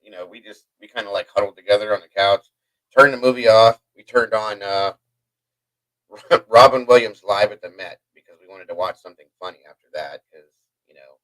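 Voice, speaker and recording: Male livestream host, lowish voice, dry close sound; hyper, rambling storyteller who keeps chatting to viewers. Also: a little fast, fairly bright tone, dry recording, rough recording. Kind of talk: casual storytelling to a live chat.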